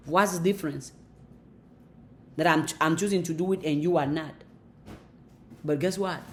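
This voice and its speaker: A woman's voice: deep voice, a little hiss or hum. A woman giving a motivational monologue in an emphatic, repetitive, preaching manner. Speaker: motivational speaker.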